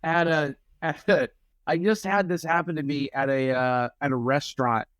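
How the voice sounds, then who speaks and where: A man's voice: fairly high pitch, steady tone, normal speed, a bit bright, clear, resonant tone. A young male podcast co-host riffing playfully in casual chat. He acts out made-up conversations as he goes. The sound is dry and close, with no room echo.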